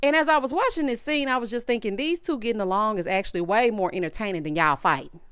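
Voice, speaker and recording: A woman's voice: mid-range voice, fast, a bit bright, smooth, dry recording, studio quality. A woman with a Southern US accent giving a sassy, gossipy recap of a reality show, talking to viewers as honey and y'all. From Southern United States. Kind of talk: casual recap commentary.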